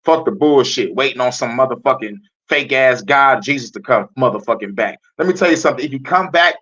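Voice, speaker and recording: A man hosting a profane, animated reaction commentary, laughing and swearing as he talks, with loud high mocking repeats. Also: brisk. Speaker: reaction video host. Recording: muffled lo-fi audio.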